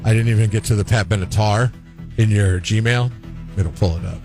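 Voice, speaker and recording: A man's voice: on the low side, moderate pace, music in the background. A man co-hosting a radio morning show in casual on-air banter, joking and teasing his partner. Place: radio studio.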